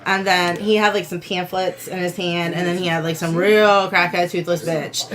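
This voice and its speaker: A woman's voice: on the low side, fairly even intonation, normal speed, fairly bright tone. A young woman co-hosting a podcast, telling a story in casual chat, laughing often and swearing, full of "like" fillers. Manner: laughing, profane, lots of "like" fillers. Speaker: podcast co-host.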